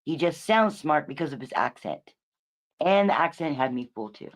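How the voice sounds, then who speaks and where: Woman streamer, casual rant, cursing, rambling, loud bursts then low mutters. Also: lively intonation, moderate pace. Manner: profane, rambling, self-correcting. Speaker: livestream host. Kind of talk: casual ranting commentary.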